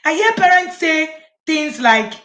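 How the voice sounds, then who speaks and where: A woman's voice: sits high, very animated, unhurried, fairly bright tone, echoey room. A woman parent coach from Nigeria giving an emphatic conference talk, repeating her key phrases for effect. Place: conference hall.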